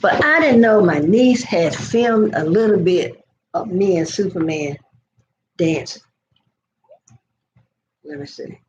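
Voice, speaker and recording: An older woman chats through a long, wandering story, speaking right to her viewers as if they sat across the table. Her voice sits at an ordinary middle pitch. The sound is dull and lo-fi, with a faint hiss underneath. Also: expressive, slow pace, pauses often, a little mellow. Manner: chatty and meandering, talks straight to viewers. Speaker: vlog host chatting with live viewers. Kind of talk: casual rambling storytelling.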